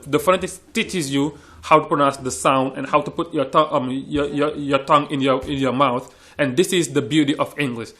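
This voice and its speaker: Man, earnest English teacher, slightly higher voice, restarts phrases in panel talk. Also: sharp tone. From Senegal. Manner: earnest, repeats words while searching for phrasing. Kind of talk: panel discussion.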